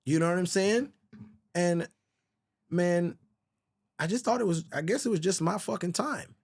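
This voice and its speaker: Speaking a little slowly in a high-pitched voice, a middle-aged man from the Virgin Islands appears as a songwriter guest. In this casual storytelling interview he's candid and emotional, cursing often and calling people bro.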